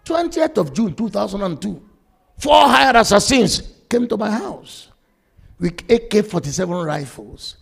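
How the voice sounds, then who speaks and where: Brief: emphatic pastor preaching, high voice with a husky rasp. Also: male voice, sing-song, unhurried. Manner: emphatic preaching, quoting scripture. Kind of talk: sermon with testimony.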